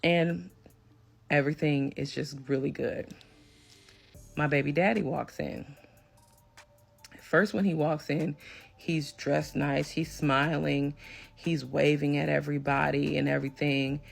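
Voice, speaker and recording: A woman telling a personal story in an emphatic, animated storytime manner. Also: deep voice, measured pace, vocal fry, long pauses, breathy edge, faint music behind. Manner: emphatic, animated when retelling a confrontation. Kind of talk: storytime recounting a personal drama.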